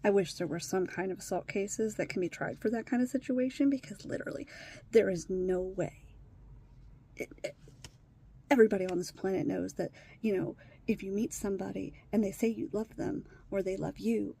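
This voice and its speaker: Distressed woman, husky and whispery. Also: mid-range voice, normal speed. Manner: swings between hushed whispers and raised, swearing outbursts. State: distressed and tearful. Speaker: vlogger. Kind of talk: personal video diary.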